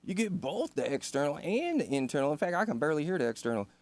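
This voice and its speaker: Lively, laid-back man reading a manual. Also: a little high, fast. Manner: laid-back, swears casually, self-deprecating. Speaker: synth hobbyist host. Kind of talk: reading a manual aloud with casual commentary.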